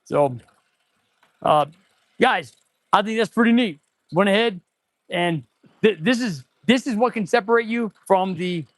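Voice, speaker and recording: A man who runs an auto repair shop, chatting casually and excitedly on a livestream while he tests parts, rambling to viewers as he works. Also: high voice, no echo. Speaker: auto mechanic and shop owner hosting a livestream. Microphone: clip-on mic.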